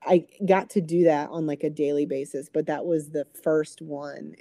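A woman, a recreational therapist, telling an emotional story in an interview, lively, acting out quoted voices with many fillers. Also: low-pitched, vocal fry, no echo, studio quality.

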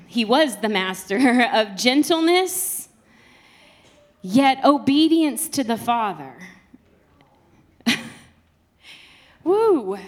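A woman, preaching a passionate sermon that swings between soft and loud. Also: on the high side, very animated, extremely slow, long pauses.

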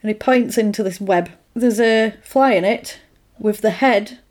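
A woman's voice: mid-range voice, measured pace. Chatty woman retelling a film. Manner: animated retelling, acting out characters' lines. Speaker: podcast co-host. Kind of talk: casual film recap chat.

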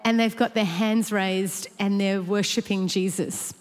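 A woman telling a lively personal story in a church talk, animated and laughing between lines. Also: medium pitch, unhurried, in a large hall. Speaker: church speaker sharing a story.

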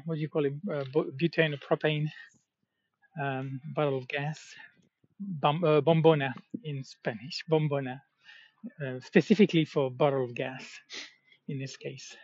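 A man's voice: fairly high pitch, fairly even intonation, normal speed, slightly rough. A man talking in a rambling, casual monologue, full of fillers and self-corrections. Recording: dull, slightly muffled, dry sound.

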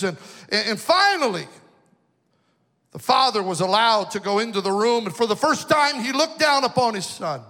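This man's high, bright voice swings widely in pitch as he preaches at a moderate pace with a forceful tone. A pastor from the western U.S., he tells a personal, emotional story in sing-song swells, recorded with long hall reverb.

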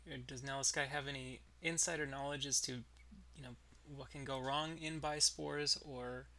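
Male tabletop player, bright voice, gravelly, hesitant and halting. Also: medium pitch, fairly even intonation. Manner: hesitant, lots of fillers and restarts. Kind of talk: casual tabletop game play.

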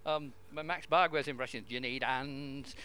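A man's voice: mid-range voice, fairly even intonation, moderate pace, lightly acted. A man playing a blustering lecherous old entertainer, improv comedy, audience crowd. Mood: leering. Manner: bawdy, blustering. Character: lecherous old male time-traveling entertainer.

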